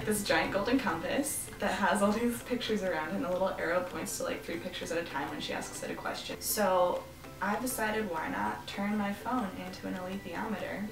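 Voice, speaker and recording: A young woman co-hosting a comedy chat show, telling stories and riffing with her co-host. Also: on the low side. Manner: animated storyteller, riffs jokingly with her co-host. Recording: roomy and distant, music behind. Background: music.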